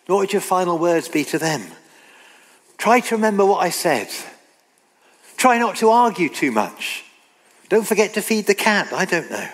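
A man preaching a sermon, earnest and emphatic, slowing down to read scripture aloud. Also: sits high, sing-song. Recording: long reverb of a hall.

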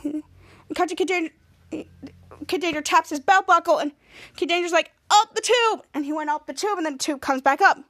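Talking a little fast in a high voice with a steady tone, this woman hosts a podcast and walks through an episode scene by scene. Her casual, rambling retelling is full of "cut to" and "he's like."

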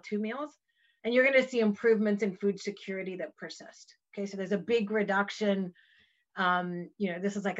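Woman, researcher, explanatory talk, self-correcting, slightly dull lo-fi sound. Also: medium pitch. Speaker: researcher presenting findings. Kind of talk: academic talk excerpt.

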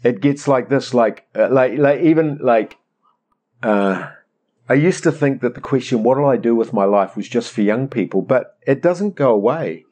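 Casting: middle-aged New pastor, chatty, animated, mid-pitched man. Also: moderate pace. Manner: animated, rambling storyteller acting out prayers. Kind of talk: conversational sermon.

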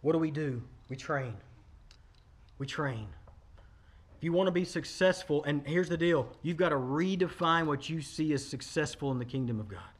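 A man in his forties delivers a sermon with a high, carrying voice. He preaches conversationally, often turning to the congregation with direct asides. He leans hard on key lines for emphasis. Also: fairly quick, few pauses. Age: 40s. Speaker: pastor.

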